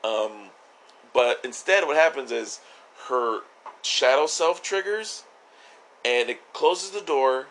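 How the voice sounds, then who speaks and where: A man's voice: medium pitch, expressive, takes it slowly, fairly bright tone, a little hiss or hum. Joking man co-hosting a podcast. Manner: jokey, swears, laughs often. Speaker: podcast co-host. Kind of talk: casual chat reviewing a TV episode.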